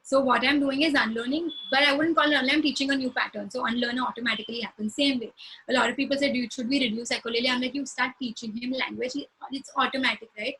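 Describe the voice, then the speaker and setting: A woman speech-language pathologist talks fast in a high, steady, pushed and bright voice while casually answering clinical questions. She explains through examples and acts out short phrases meant for a child. The rough recording has a little hiss or hum.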